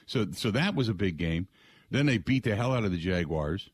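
A middle-aged man hosting sports talk radio, excitable and rambling, often putting on other people's voices. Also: on the low side, moderate pace, breathy edge. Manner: excitable, mimics voices, frequent restarts.

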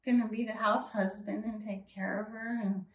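A woman guest telling lively stories in a casual interview, acting out voices as she goes. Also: mid-range voice, normal speed, echoey room, distant mic, crowd noise, poor audio. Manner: animated storyteller who acts out voices. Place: host's apartment.

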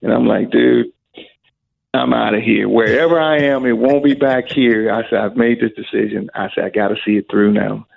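Gravelly husky man on a tinny line. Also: medium pitch, moderate pace. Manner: lively storyteller who acts out quoted voices. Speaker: singer, interview guest. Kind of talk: storytelling in an interview. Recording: tinny phone-line sound.

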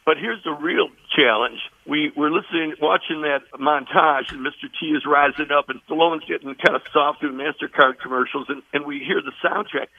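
An older man from Illinois, a songwriter guest, telling stories in an animated way and acting out the voices. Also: fairly high pitch, moderate pace, hardly any pauses, no room sound, narrow, tinny audio. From Illinois, USA. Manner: lively, acts out voices and sings riffs. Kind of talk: animated storytelling interview.

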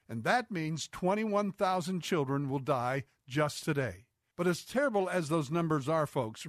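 A man hosting a radio talk show, interviewing a guest and reading sponsor spots in a measured, earnest way. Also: fairly high pitch, no echo, clean studio sound.

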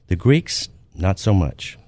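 A man hosting a show, explaining ideas point by point in a measured way, stressing key words, with frequent ums and uhs. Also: low voice, big pitch swings, darkish tone, no echo. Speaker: radio show host and author. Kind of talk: teaching talk comparing ideas point by point.

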